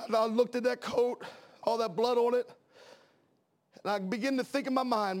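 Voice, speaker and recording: A pastor preaching an impassioned sermon, shouting and calling out hallelujahs. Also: male voice, very high-pitched, normal speed, long pauses.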